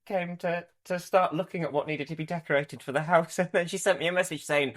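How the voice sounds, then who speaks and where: A young adult man, a podcast host, telling a story in an animated way and laughing as he goes. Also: fairly high pitch, fairly quick. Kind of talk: casual storytelling.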